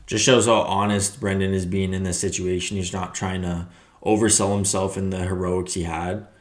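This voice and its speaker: A man hosting a reaction video, commenting casually and haltingly, often searching for words. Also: low-pitched, little pitch movement.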